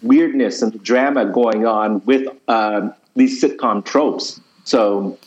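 A man's voice: fairly low pitch, takes it slowly, lo-fi sound. A man hosting a podcast from a studio, chatting in an easygoing way with hesitant fillers. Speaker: podcast host. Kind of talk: casual chat. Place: studio lounge.

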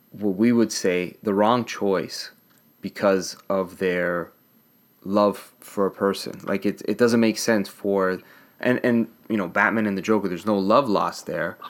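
A man as a podcast guest, talking about comics in a thoughtful, halting way. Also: fairly low pitch. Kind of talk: casual comic book discussion.

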